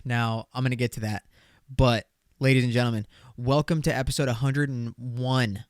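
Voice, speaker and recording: A man's voice: medium pitch, fairly even intonation, normal speed, clean tone, dry recording, clean studio sound. A young man hosting a casual solo podcast, talking in a loose, slangy way and swearing as he jokes. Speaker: podcast host.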